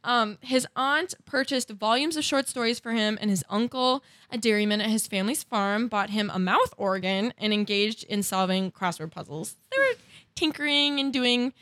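A woman podcast host chatting casually and retelling a life story, quick and full of filler words. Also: fairly high pitch, a bit bright, dry recording. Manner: fast, chatty, lots of "like" fillers. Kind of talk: casual chat, retelling a biography.

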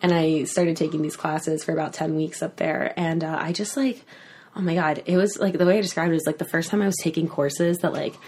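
A woman's voice: sits low, fairly even intonation, a little fast, darkish tone, slight background noise. Chatty young woman telling a rambling story. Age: 20s. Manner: rambling storyteller with frequent "like" and laughter. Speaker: podcast guest. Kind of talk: casual chat.

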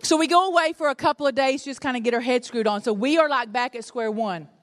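A middle-aged woman, preaching a sermon and telling a personal story with animated, self-mocking humor. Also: sits high, fast talker, long reverb tail. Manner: animated storytelling, laughs at herself. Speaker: pastor's wife and preacher.

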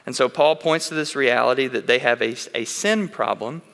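A man's voice: medium pitch, normal speed, creaky, fairly bright tone. A man preaching a sermon in a church, telling candid personal stories in an earnest way and often restarting his sentences. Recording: long reverb of a large hall.

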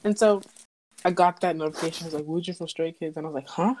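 Low-voiced young woman, rambling chat. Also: fast, very noisy. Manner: rambling, lots of fillers, emphatic quotes. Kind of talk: casual fan chat.

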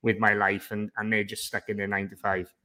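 A man's voice: lowish voice, completely flat delivery, a little fast, pushed and bright. A man hosting his own podcast, chatty and agreeable, swearing casually. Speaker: podcast host. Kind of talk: casual chat.

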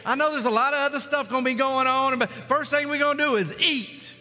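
Man, pastor, fervent sermon delivery, bright tone, hall reverb with soft music behind. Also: very high voice, a little fast. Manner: fervent preaching, swings from loud to hushed. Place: church sanctuary.

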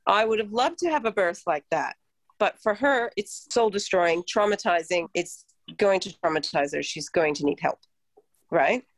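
A woman midwife and podcast host telling a work story in an earnest, reflective, lively way. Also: on the low side, normal speed, no room sound, rough recording. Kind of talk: casual chat, storytelling.

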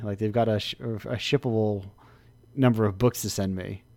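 A man with a fairly low voice chats loosely, stumbling through restarts and breaking into laughs. The sound is close and dry, with no room around it. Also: steady tone, mellow, no room sound. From United States. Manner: rambling, halting, often laughing. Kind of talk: casual chat.

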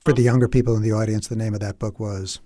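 A man hosts a podcast interview, asking admiring questions of his guest. His voice is mellow and dark, recorded close and dry with no room sound. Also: lowish voice, steady tone, quick pace, no echo. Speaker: podcast host.

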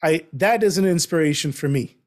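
A man in his fifties talking in a relaxed conversation, reflective and getting animated as he makes a point. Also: on the high side, brisk. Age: 50s. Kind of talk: casual conversation.

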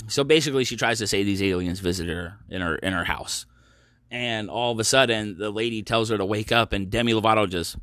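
A man's voice: lowish voice, fairly quick, bright, forceful tone, no room sound, studio quality. A man hosting his own podcast, telling a story in a sarcastic, profane, ranting way. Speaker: podcast host. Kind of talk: casual ranting commentary.

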